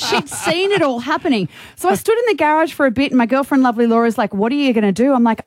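Female radio co-host, forties, high lively voice, animated storyteller. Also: fast, no echo. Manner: animated, acts out voices and squeals. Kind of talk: casual radio banter, storytelling.

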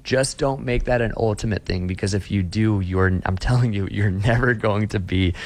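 Speaking at a normal rate with a fairly low pitch, a guest author discusses his Christian faith earnestly and emphatically. He paraphrases scripture throughout the interview.

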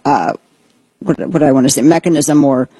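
A woman's voice: low voice, brisk, dark tone, slightly rough, dry recording. A woman hosting a political talk show, giving rambling, sarcastic and exasperated commentary.

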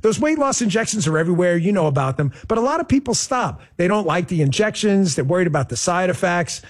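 A man hosting a political talk show, speaking with dripping sarcasm and lively emphasis, also reading ads. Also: high voice, quick pace. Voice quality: animated, sarcastic, lively delivery. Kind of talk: sarcastic political commentary and ad read.

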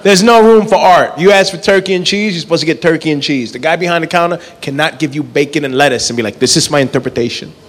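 A man's voice: fairly high pitch, quick pace, few pauses, slight background noise. Laid-back man doing stand-up in a reverberant venue. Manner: laid-back, absurd storytelling with acted-out dialogue. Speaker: stand-up comedian. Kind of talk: stand-up set. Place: comedy club stage. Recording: live venue with long reverb.

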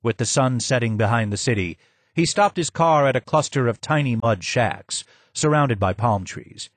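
A man reading a first-person memoir aloud as an audiobook narrator, in steady storytelling. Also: medium pitch, normal speed, no echo. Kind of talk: scripted narration.

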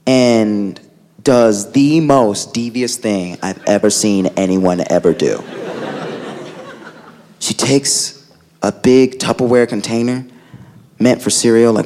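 A man doing a stand-up comedy routine on a club stage, telling a story with lots of "like" fillers and acting out the people in it. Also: fairly high pitch. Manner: animated storytelling, frequent "like" fillers, acts out characters. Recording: live club with loud crowd laughter and noise.

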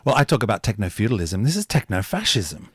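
A man in his fifties co-hosting a casual political discussion, animated and quick to jump in, often trailing off quietly at the ends of phrases. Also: lowish voice, breathy edge, dry recording, studio quality. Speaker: co-host.

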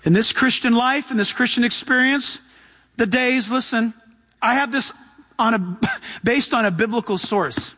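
A male pastor delivering a sermon in a strikingly high, bright voice. He is emphatic and punchy, and keeps urging his listeners to "listen." He acts out short voices as he goes. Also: a little slow.

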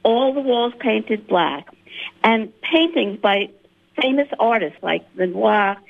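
A woman's voice: on the high side, lively intonation, slow pace, creaky. Eager woman caller on tinny phone line. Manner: eager, enthusiastic. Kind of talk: phone-in radio call.

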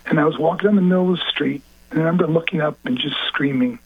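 Man, husky voice, tinny phone line, halting emotional storytelling. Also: on the high side. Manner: halting, repeats words when moved. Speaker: guest, motivational speaker. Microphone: phone call-in.

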